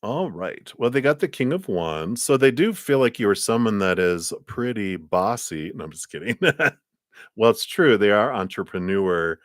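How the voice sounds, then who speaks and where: A man's voice: on the low side, very animated, moderate pace, no echo, studio quality. A man doing a live tarot reading stream, talking animatedly, acting out little voices and laughing often. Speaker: tarot reader.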